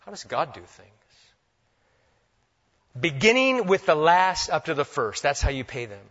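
A man's voice: fairly high pitch, measured pace. Guy preaching a sermon, jokey asides, dull lo-fi recording. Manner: animated, swings between loud emphasis and hushed asides; humorous storytelling asides. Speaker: pastor.

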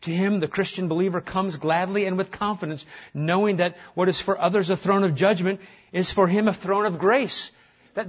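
Expressive male preacher, lo-fi sound. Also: sits high, slightly rough. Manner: expressive preaching, swinging from hushed to loud, repeats words. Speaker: pastor. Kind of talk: sermon.

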